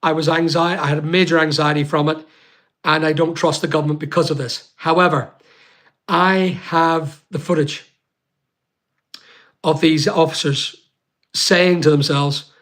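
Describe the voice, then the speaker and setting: A man telling his own story on a livestream, emphatic and repetitive, pausing often with fillers. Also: fairly high pitch, steady tone, fairly bright tone. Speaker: YouTuber on a livestream. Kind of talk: emotional personal account.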